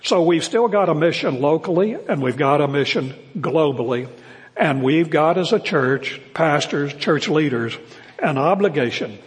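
An older male pastor preaching a sermon to his congregation, earnest and emphatic, slowing down to stress key words. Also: fairly high pitch. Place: church sanctuary. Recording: long reverb of a church hall.

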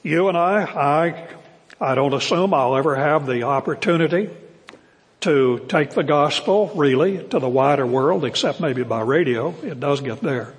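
An older male pastor preaching a sermon to his congregation, earnest and emphatic, slowing down to stress key words. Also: on the high side. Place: church sanctuary. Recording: long reverb of a church hall.

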